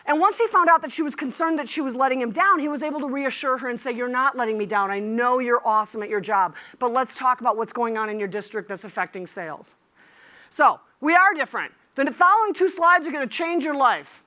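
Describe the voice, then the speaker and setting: A middle-aged woman giving a conference keynote, lively and joking with the audience. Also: sits high. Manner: lively and animated, humorous asides to the audience. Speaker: keynote speaker.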